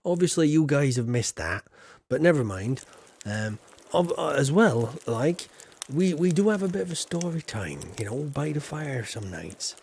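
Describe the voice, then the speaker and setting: Streaming a farming game, this Yorkshire man with a southern English accent talks casually and playfully straight to his chat. His voice sits on the high side, sing-song and unhurried, creaky and a little mellow with a breathy edge.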